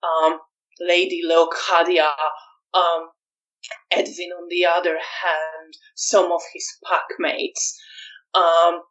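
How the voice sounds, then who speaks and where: Woman storyteller, low voice, very slow, set back from the mic. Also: little pitch movement, fairly bright tone, far from the mic, lo-fi sound. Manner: measured, hesitant with ums. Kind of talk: narrating a tabletop game.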